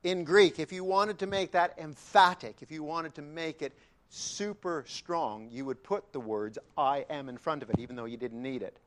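A man preaching a sermon, emphatic, dropping to quiet repetitions and then rising loud, with chatty asides to the congregation. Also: on the high side, normal speed. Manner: conversational asides.

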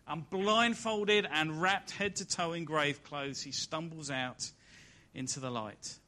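A man delivers a sermon in a bright, forceful voice that sits a little high for a man. He reads scripture aloud, pushing key phrases with rising emphasis and then dropping back down low. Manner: preaching with swelling and falling emphasis, reading scripture aloud. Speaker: pastor.

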